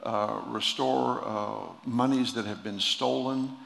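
A male preacher delivering a sermon with jokes, jokey and halting with restarts, to an audience in a large hall. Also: medium pitch, fairly even intonation, vocal fry, fairly bright tone. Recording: long hall reverb, faint noise.

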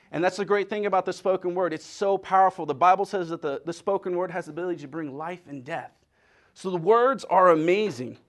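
A man with a fairly high voice delivers a lighthearted sermon. He is middle-aged and animated, jumping between jokes and stories built on wordplay. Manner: animated storytelling with playful wordplay. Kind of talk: humorous sermon.

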